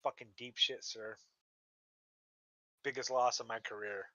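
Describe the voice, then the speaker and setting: A man's voice: mid-range voice, steady tone, unhurried, bright, forceful tone, no echo, lo-fi sound. A young man from Montana hosting a casual crypto livestream, rambling and swearing between his friends' jokes. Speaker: livestream host.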